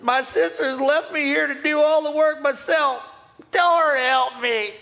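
A man's voice: fairly even intonation, a little slow, gravelly, sharp tone, in a large hall, full character voice. A pastor voicing Martha as an exasperated, overworked woman who whines and pleads for help. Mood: whiny, pleading. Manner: pleading, whiny, high-pitched.

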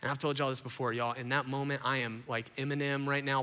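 Bright-voiced pastor preaching in a hall. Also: male voice, mid-range voice, fast, hardly any pauses. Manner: animated storytelling, addresses crowd as y'all. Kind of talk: sermon. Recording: long hall reverb.

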